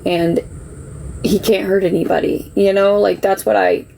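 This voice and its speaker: A woman's voice: medium pitch, little pitch movement, moderate pace, gravelly, warm tone, a little hiss or hum, poor audio. A middle-aged woman telling a personal story on a livestream, earnest and defensive, getting worked up as she talks. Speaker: livestream host. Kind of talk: emotional personal account.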